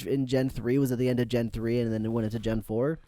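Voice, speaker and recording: A man hosting a podcast, recapping cartoon episodes in casual, animated chat and laughing often. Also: mid-range voice, fast, no echo. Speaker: podcast host.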